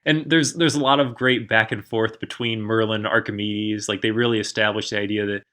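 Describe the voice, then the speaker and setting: Podcast co-host, male, bright and forceful tone, enthusiastic and rambling. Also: on the low side, fairly even intonation, fairly quick. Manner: enthusiastic, rambling with many fillers. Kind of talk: casual podcast chat.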